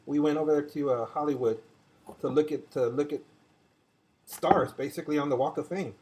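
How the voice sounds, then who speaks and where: A man's voice: fairly high pitch, fairly quick, background noise. A chatty older man hosting a casual home cooking demonstration in his kitchen, talking viewers through each step as he works. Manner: chatty, talks to viewers as he cooks. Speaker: home cooking show host.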